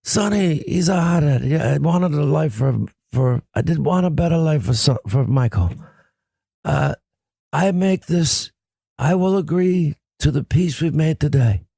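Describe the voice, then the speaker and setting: A man doing a hoarse old mafia don. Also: fairly high pitch, lively intonation, unhurried, mellow, no echo, exaggerated voice. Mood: menacing.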